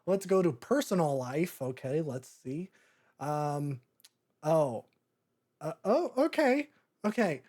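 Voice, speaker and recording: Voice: mid-range voice, animated, slow, long pauses, darkish tone. A podcast host talking through a movie in a casual, rambling way, often breaking into laughter. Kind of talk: casual movie review chat.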